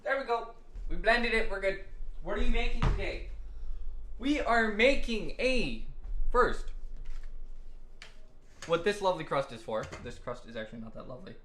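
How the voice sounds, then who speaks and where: A man's voice: high-pitched, animated, moderate pace, long pauses, a bit bright. A man streaming live while baking, chatting to himself and to his viewers in a casual way. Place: home kitchen. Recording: roomy kitchen with clear background noise.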